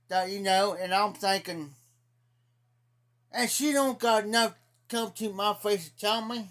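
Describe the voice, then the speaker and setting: Slow and drawling, an Ohio-accented man relates a rambling, resentful story on a relaxed livestream, saying "I said" over and over. His voice sits high with a fairly bright tone.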